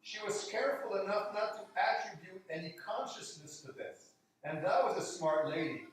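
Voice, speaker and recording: A man's voice: high-pitched, lively intonation, moderate pace, a little hiss or hum. A man in casual conversation, talking in an emphatic, skeptical way and acting out what other people say. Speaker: conversation partner. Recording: very echoey room, voice from far off the mic.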